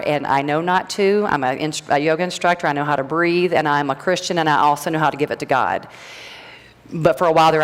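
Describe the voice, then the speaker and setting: A middle-aged woman speaking casually to a live audience, chatty and rambling, often restarting her sentences. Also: low voice. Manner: rambling, chatty, self-interrupting storyteller. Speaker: graduate speaker, natural health practitioner. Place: event hall. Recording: long hall reverb.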